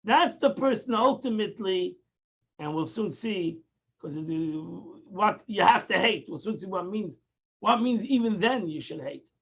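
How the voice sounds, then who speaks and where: A man's voice: sits high, animated, measured pace, vocal fry, husky, dull audio. A man teaching a daily Tanya lesson, explaining patiently, repeating and restarting phrases and mixing in Hebrew terms. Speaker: Torah teacher.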